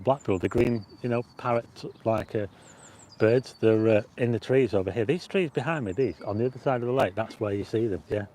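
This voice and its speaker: A man hosts a live walking vlog through a city park, talking loosely and warmly to his viewers. His voice sits mid-range for a man, and a faint outdoor hiss with birds runs underneath. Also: mid-range voice. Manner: chatty and rambling, greets viewers and reads out chat. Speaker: livestream host. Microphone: plug-in mic on a phone with a stabilizer.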